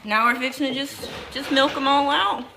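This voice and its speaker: A woman's voice: high voice, fairly even intonation, normal speed, vocal fry, pushed and bright, slight background noise, low-quality recording. Chatty Southern woman live-streaming from a barn. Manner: chatty, greets viewers by name while multitasking. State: tired from lack of sleep. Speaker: goat farmer hosting a livestream. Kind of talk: casual live-stream chat.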